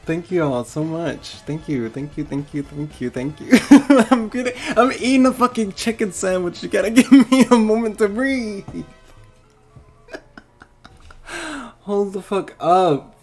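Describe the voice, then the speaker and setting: A man's voice: sits high, a little slow, faint music behind. A male streamer on a live stream, overwhelmed and tearing up, thanking viewers with constant swearing and stammered thanks.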